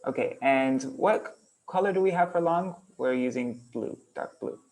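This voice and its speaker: A man's voice: mid-range voice, moderate pace, a little mellow. A man teaching an online class, casually thinking aloud as he works on screen and chanting out syllable patterns. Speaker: kirtan teacher. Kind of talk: online class explaining verse meter.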